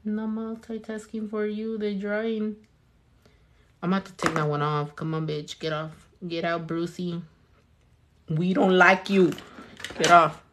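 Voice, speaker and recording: A young woman, a nail artist, chats casually in a vlog while doing her nails on camera, swearing, talking to herself and her hands, and slipping in Spanish phrases. Her voice sits on the low side with a steady tone and a slightly slow pace. There's a little background noise.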